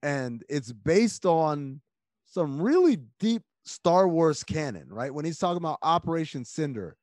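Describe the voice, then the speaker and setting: A man talking casually and emphatically as a podcast guest, rambling with quick restarts. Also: fairly high pitch, very animated, darkish tone, no echo, clean studio sound. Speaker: podcast guest, basketball analyst.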